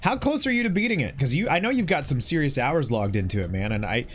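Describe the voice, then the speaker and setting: A man's voice: a little high, fast talker, a little hiss or hum. A man streaming a video game, chatting casually, swearing and laughing often. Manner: excitable, swears and laughs a lot. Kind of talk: casual gameplay stream chat.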